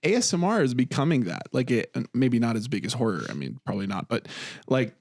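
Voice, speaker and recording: Young male co-host, mid-pitch, dry close sound, lively casual banter. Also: brisk, no echo. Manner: animated, laughing, acts out whispered bits. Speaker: podcast co-host. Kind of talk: casual chat.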